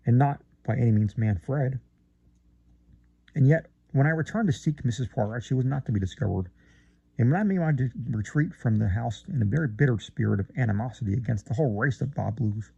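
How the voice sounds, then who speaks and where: Gravelly man reading a classic story. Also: medium pitch, expressive, brisk, mellow, no echo, lo-fi sound. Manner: theatrical, rising emphasis, occasional stumbles. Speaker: reader.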